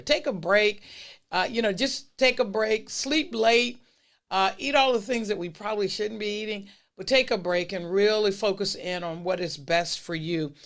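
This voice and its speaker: Encouraging podcast host repeating key phrases. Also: medium pitch. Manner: steady, unhurried delivery with list-style points. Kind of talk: motivational holiday message to listeners.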